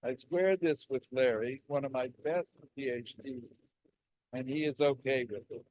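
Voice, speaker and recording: An older man giving a formal introduction to a talk, halting and reading from notes. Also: medium pitch, dry recording, highs cut off. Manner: hesitant, reads from notes. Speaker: event introducer.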